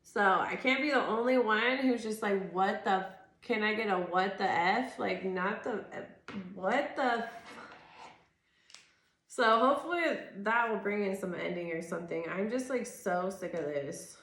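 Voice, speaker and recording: A woman in her 30s, a tarot reader, rants through a casual reading in an echoey room, exasperated, rambling, swearing, and saying "like" constantly. Her voice is medium-pitched, a little bright, and unhurried.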